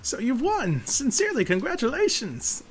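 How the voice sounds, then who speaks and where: Guy doing an old grandfatherly game professor, high and drawn-out, proudly congratulating; shift+. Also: huge pitch swings, faint music behind, heavily acted. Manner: slow, sing-song congratulating.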